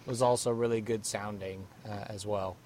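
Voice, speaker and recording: A man's voice: on the low side, steady tone, normal speed, darkish tone. A man hosting a podcast, chatting casually and reminiscing with enthusiasm. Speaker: podcast host. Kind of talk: casual chat.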